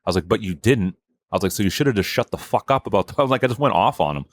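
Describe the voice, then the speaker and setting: Racing along in a fairly low, lively voice, this man hosts a podcast and tells a casual story, swearing heatedly and performing other people's lines. The recording has no echo.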